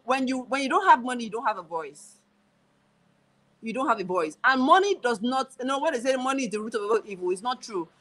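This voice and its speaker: A woman's voice: fairly high pitch, a bit bright, rough recording. A woman from Nigeria in her thirties, speaking as an interview guest in casual conversation, repeating her phrases for emphasis.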